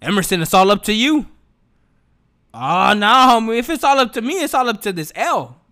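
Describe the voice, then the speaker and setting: A young man rambles through a comedic podcast monologue, loose and slangy with plenty of swearing. His voice sits high and swoops up and down with energy. The tone is bright and forward. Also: normal speed. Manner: animated, joking, slangy and profane. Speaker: podcast host.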